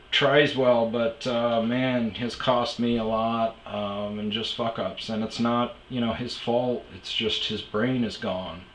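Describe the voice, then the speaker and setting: A man's voice: fairly low pitch, a bit bright, echoey room, a little hiss or hum, poor audio. A man casually telling rambling, profane stories as a podcast host, full of fillers and asides. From Omaha area. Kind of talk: casual storytelling monologue.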